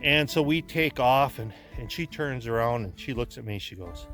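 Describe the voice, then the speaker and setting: A man's voice: medium pitch, animated, moderate pace, few pauses, fairly bright tone, faint music behind. A man from Wisconsin, a former sled dog guide, telling stories in a casual, rambling way with many restarts. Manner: rambling, repeats words as he restarts. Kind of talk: casual storytelling.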